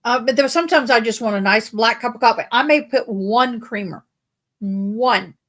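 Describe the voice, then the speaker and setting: Animated woman co-host. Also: on the high side, normal speed. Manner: animated, emphatic storyteller. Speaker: livestream co-host. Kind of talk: casual chat.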